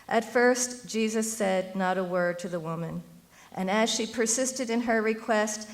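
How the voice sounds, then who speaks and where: A middle-aged woman giving a prepared speech at a university event, earnest and rhetorical, building to emphatic appeals. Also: medium pitch. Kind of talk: prepared speech read aloud.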